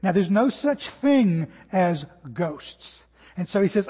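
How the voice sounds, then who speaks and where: A man in his forties preaching an expository sermon, animated, acting out the jumps and shouts of his stories. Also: sits high, takes it slowly, husky, big-room sound. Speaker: pastor.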